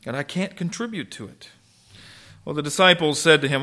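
A man delivers a sermon in a high, bright voice. He preaches in an animated, conversational way, often asking his listeners questions and answering them himself. He swings from loud, punchy emphasis down to soft, hushed asides. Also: moderate pace, creaky. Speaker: pastor.

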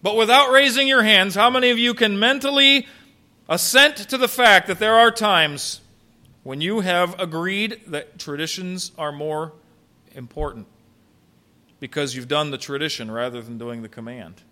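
A man's voice: high voice, normal speed, pushed and bright. A male pastor preaching a sermon emphatically, with many rhetorical questions.

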